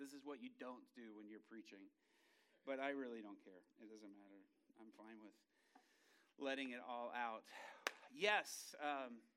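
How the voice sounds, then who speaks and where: A middle-aged man preaches in a loose, conversational way, joking with his listeners and poking fun at himself. His voice sits at an ordinary pitch but has a bright, forward edge. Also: rough recording. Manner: chatty, self-deprecating, jokes with the crowd. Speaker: itinerant preacher. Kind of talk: casual sermon to a congregation.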